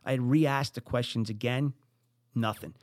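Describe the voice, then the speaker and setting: A middle-aged man with a New Jersey accent hosting a podcast, giving business advice in an animated way with high emphatic bursts. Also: moderate pace, dry recording, studio quality. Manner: animated, acts out exasperated quotes, rising into high emphatic bursts. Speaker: podcast host.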